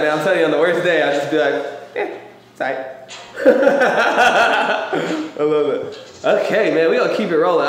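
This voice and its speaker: A man hosting a live question-and-answer show, talking in a loose, animated way about feelings and life and swearing casually. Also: a little high. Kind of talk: casual motivational chat. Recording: very echoey room.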